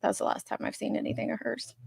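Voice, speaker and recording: A woman's voice: fast, dry recording. A woman hosting a live stream discussion, thinking aloud in a rambling, casual way over a video call. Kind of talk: casual chat.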